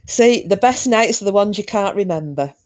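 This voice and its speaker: Livestreaming from her home, a middle-aged woman trades bawdy jokes with her chat viewers, laughing as she talks casually. She speaks at a moderate pace in an animated, mid-range voice with a darkish tone.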